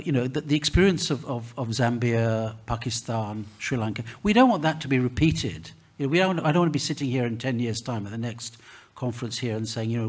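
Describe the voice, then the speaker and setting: Husky man, halting panel remarks. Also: medium pitch. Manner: hesitant, many restarts and fillers. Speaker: conference panelist. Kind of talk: panel discussion.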